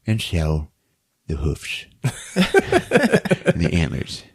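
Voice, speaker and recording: A man hosting a podcast who recaps a movie in a casual, animated storytelling way. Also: low voice, slow pace, long pauses, breathy edge. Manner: animated storytelling, acting out scenes. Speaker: podcast host.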